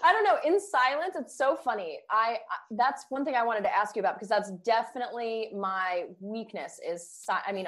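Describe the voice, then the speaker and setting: A woman hosting a podcast, chatting casually and laughing easily as she asks her guest questions. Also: a little high. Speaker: podcast host, personal trainer. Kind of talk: casual chat.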